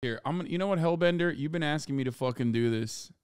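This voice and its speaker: A man's voice: on the high side, fast, clean tone, no echo. Profane, offhand streamer man. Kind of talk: casual chat.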